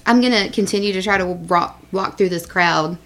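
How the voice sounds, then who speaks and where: A woman's voice: on the low side, moderate pace, fairly bright tone, a little hiss or hum. A woman playing in a tabletop game, exasperated and casually swearing. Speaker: player.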